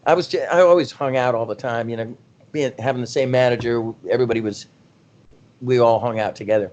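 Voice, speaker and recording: A middle-aged man of ordinary pitch, speaking as a guest rock singer. He tells loose, rambling stories in a relaxed chat and laughs at himself along the way. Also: brisk, muffled recording. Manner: animated, rambling anecdotes with frequent laughs and self-deprecation. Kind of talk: casual interview storytelling.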